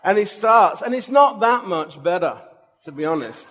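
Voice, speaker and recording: High-voiced male preacher, reverberant hall. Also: very animated, moderate pace, a bit bright. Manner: humorous, self-mocking anecdotes. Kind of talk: storytelling sermon.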